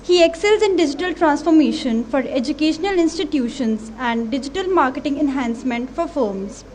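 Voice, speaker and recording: A woman's voice: high voice, lively intonation, fairly quick, a little mellow. A woman, formally introducing the next speaker from a script. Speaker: event anchor.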